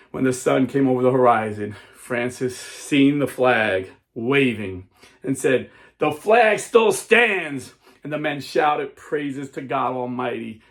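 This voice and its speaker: A man telling a story to a crowd in an emphatic, dramatic way. His voice sits at an ordinary middle pitch. He jumps into the characters' lines as he tells it. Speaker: speaker.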